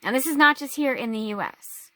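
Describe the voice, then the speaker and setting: A woman talking in a casual personal vlog, halting, with long pauses and restarts. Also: sits high, sharp tone, dry recording. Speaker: vlogger.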